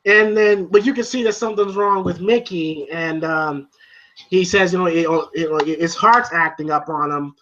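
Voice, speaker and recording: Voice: medium pitch, normal speed, a bit bright, lo-fi sound. A movie reviewer casually retelling a fight scene, rambling with many fillers and frequent laughs.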